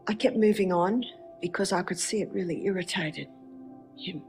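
A woman's voice: medium pitch, normal speed, long pauses, darkish tone, faint music behind. A woman giving a faith-based lecture, telling a story with rhetorical questions. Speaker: speaker.

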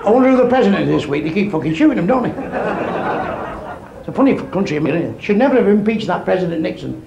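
A brash stand-up comic works a club crowd with crude jokes and barbs, his voice high and gravelly. The live recording is dull and lo-fi, with a roomy echo and clear background noise. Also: animated, racing. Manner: crude, brash, needles the audience. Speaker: stand-up comedian.

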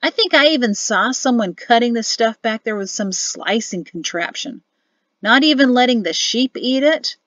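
A woman's voice: a little high, lively intonation, moderate pace, fairly bright tone, no room sound, lo-fi sound, voice pushed up. A woman reading an audiobook, voicing a grumbling middle-aged army officer father with a sulky, sardonic manner.

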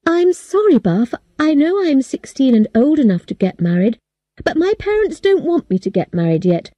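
A woman's voice: high voice, sing-song, normal speed, dark tone, no echo, lo-fi sound, voice pushed up. A woman voicing a frightened sixteen-year-old girl who pleads and protests. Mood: nervous. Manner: raised, pleading delivery.

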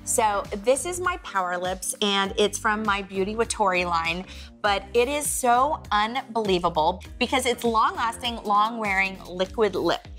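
A woman's voice: medium pitch, animated, unhurried, a bit bright, soft background music. A woman in her forties hosting a casual lifestyle vlog, chatty and gushing as she shows off her favorite things. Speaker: vlog host.

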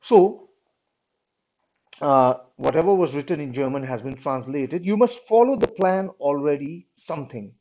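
Male teacher, slightly high voice, reads then explains, keeps asking "all right?"; muffled lo-fi audio. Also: moderate pace, hardly any pauses, darkish tone. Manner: checks in with "all right" often. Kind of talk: reading and explaining a story to students. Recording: dull lo-fi recording.

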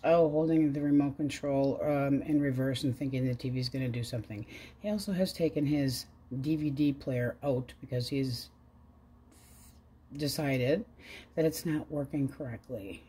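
A woman's voice: extremely low pitch, moderate pace, warm tone, slight background noise. A middle-aged woman reading tarot cards, talking in a chatty, wry way and swearing freely. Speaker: tarot reader. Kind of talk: casual rambling chat.

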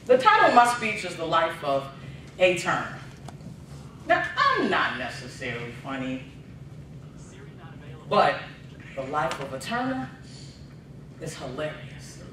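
Man, humorous speech, storytelling with punchlines, lively pitch swings, echoey hall far from mic. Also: a little slow, long pauses, a little hiss or hum. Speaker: speech contestant.

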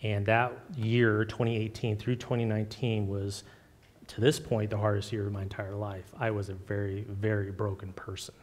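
A man preaching an informal sermon with personal testimony, earnest and halting, with many fillers and restarts. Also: flat delivery. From Oregon. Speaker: lay preacher. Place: church sanctuary. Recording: long hall reverb, faint rumble.

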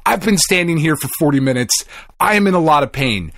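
A middle-aged man co-hosting a podcast, telling a story in a casual, animated way, swearing often and acting out the people he quotes. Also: fairly high pitch, brisk, dry recording. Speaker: podcast co-host.

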